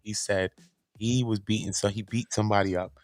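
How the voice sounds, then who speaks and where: A young man, casually telling a story as host, animated and swearing freely in street slang. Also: on the low side, fairly quick, no room sound, soft background music.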